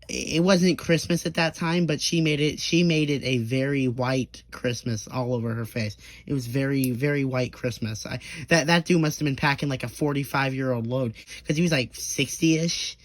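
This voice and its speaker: A young man speaks at normal speed in a mid-range voice, spinning a profane, meandering storytime monologue riddled with stammers and restarts. Now and then he briefly performs the people he's quoting.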